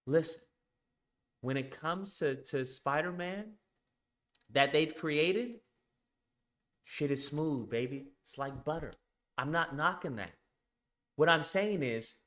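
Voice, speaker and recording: Male streamer host, animated casual rant, cursing and hammering points, tense bright tone. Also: a little high. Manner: emphatic, repetitive, swears often.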